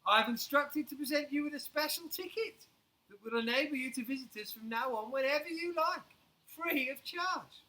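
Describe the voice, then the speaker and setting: A man voicing a polite, genial grey-haired gentleman in a children's storybook reading, formal and friendly. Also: very high voice, normal speed, pitched above the performer's own voice, rough recording.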